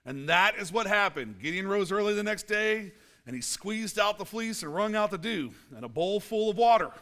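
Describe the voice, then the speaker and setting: A man's voice: sits high, moderate pace. A male pastor preaching a casual, playful sermon in church, acting out little scenes. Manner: animated, playful, acts out little scenes and quotes.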